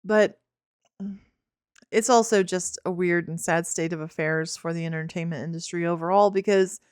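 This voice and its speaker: A woman's voice: on the low side, fairly even intonation, normal speed, darkish tone, clean tone, no echo, studio quality. A woman co-hosting a podcast, chatting casually about movies and acting out what people said. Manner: chatty, acts out quotes. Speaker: podcast co-host.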